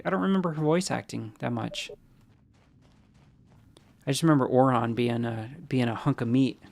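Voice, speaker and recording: Allergies have given this streamer a stuffy nose as he plays a video game and chats casually, rambling, answering his chat and tossing out jokey asides. His voice is medium-pitched with vocal fry.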